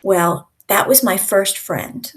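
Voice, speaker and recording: Slow, deliberate woman in her sixties. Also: mid-range voice. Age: 60s. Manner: deliberate, with frequent pauses. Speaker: host and speaking coach. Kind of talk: conversational teaching.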